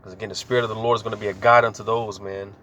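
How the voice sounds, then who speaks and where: A man reading scripture and explaining it in a relaxed, slangy way, full of casual fillers. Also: fairly low pitch, racing, a little hiss or hum. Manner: laid-back, slangy, full of "man" and "you know" fillers. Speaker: scripture teacher. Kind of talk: informal scripture reading and commentary.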